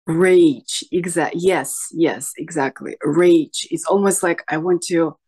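Female client, hesitant, slow and low-pitched, searching for words. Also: a little mellow, breathy edge. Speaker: session client. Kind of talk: emotional personal sharing.

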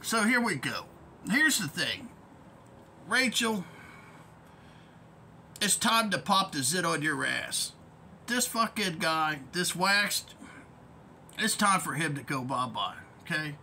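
A man's voice: on the high side, sing-song, slow, long pauses, sharp tone, slight background noise. A man ranting in a vlog as an online commentator, profane, rambling and heated.

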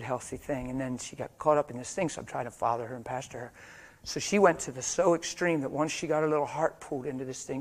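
A middle-aged man preaching a sermon in a church, moving between quiet, hushed storytelling and loud, fervent exhortation. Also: medium pitch, gravelly, husky.

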